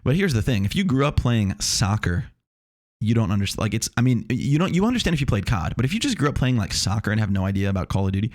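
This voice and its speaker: A man's voice: on the low side, sing-song, fast, a little mellow, dry recording, clean studio sound. A young man hosting a solo podcast, rambling and swearing, often restarting his sentences. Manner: rambling, profane, restarts a lot. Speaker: podcast host. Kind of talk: casual solo podcast monologue. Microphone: lav or shotgun mic in a foam-treated room.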